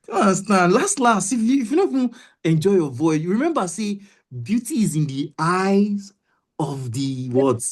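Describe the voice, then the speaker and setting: A woman's voice: medium pitch, big pitch swings, normal speed, a little mellow, breathy edge. A woman with a Nigerian accent coaching voice actors in a motivational webinar, emphatic and repetitive, often checking that listeners understand. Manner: emphatic, repeats herself, keeps asking "do you understand".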